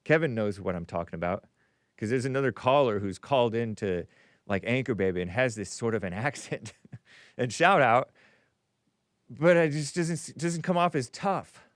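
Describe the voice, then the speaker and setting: A man's voice: medium pitch, normal speed, no room sound, clean studio sound. A man hosting a call-in talk show, reading viewer messages and rambling with frequent restarts. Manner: rambling, animated, with frequent self-interruptions and restarts. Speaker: podcast host. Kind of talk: casual talk show monologue, reading super chats.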